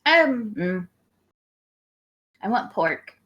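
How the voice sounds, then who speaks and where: A woman playing a tabletop game, bubbly and excitable. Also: mid-range voice, drawn-out words, highs cut off. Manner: bubbly, gasping and giggling. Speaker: player. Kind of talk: tabletop role-play.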